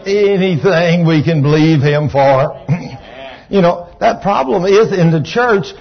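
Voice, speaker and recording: A man preaching a storytelling sermon in a church, folksy and animated, sometimes rising to shouts of praise. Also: sits high, measured pace, vocal fry, breathy edge. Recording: dull lo-fi church recording.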